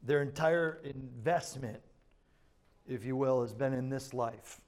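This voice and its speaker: A male pastor begins his sermon by leading the room in a short prayer. He preaches at a steady pace and repeats key points for emphasis. His voice sits at an ordinary middle pitch. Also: slow.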